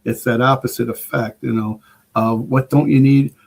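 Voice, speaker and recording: A man's voice: medium pitch, fairly even intonation, moderate pace, gravelly. An older man, a retired chef and prepper, chatting casually as a podcast guest in an enthusiastic, rambling way. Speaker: guest preparedness expert.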